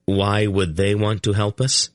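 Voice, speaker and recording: A man's voice: lowish voice, little pitch movement, unhurried, no echo, clean studio sound, lightly acted. A man voicing an earnest young hero in a fantasy audiobook, talking urgently in the heat of battle. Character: young male hero fighting a desperate battle.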